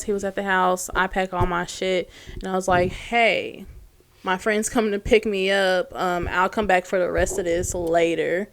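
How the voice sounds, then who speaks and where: A woman's voice: lowish voice, moderate pace, slight background noise. A young woman guest on a podcast, casually telling a long personal story and acting out the dialogue. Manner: animated storyteller, acts out quoted dialogue.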